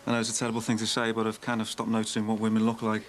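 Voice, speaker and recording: An actor playing a glib talent agent. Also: male voice, fairly low pitch, monotone, racing, close to an everyday voice. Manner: glib, joking. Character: chatty, smooth-talking male modelling agent. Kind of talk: TV soap acting. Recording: busy pub crowd behind.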